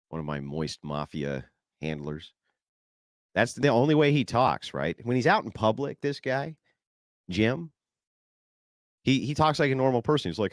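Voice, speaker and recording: A male streamer with a low, gravelly voice that swings widely in pitch as he mocks and swears. His sarcastic commentary sounds dry and close, with no room echo. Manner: mocking, profane and sarcastic. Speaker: streamer host.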